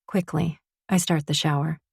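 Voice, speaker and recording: A woman's voice: low-pitched, steady tone, normal speed, gravelly, husky, dry recording, studio quality. A woman narrating a first-person romance audiobook in an intimate, confessional reading.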